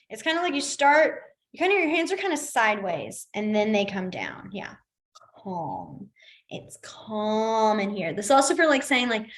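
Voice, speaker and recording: A woman's voice: on the high side, a bit bright. A woman teaching a beginners' class in a casual, chatty way, explaining with everyday examples and laughing easily. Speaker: sign language instructor.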